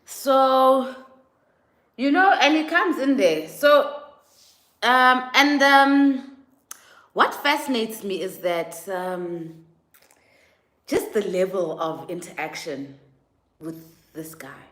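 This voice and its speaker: A South African woman vlogging a casual opinion monologue, animated and mimicking others in exaggerated quotes. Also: fairly high pitch, slow, pauses often. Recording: echoey room.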